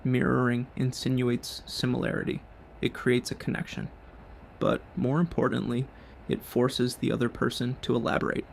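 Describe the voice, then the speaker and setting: A man's voice: medium pitch, completely flat delivery, normal speed, creaky, slight background noise. A man hosting a show, delivering a scripted business monologue in blunt, punchy short sentences. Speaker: show host.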